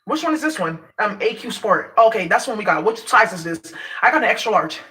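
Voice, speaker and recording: A woman's voice: mid-range voice, big pitch swings, brisk, pushed and bright. A woman from Nigeria, ranting casually to her viewers, brash and profane, laughing as she talks. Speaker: vlogger. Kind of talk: casual rant to camera.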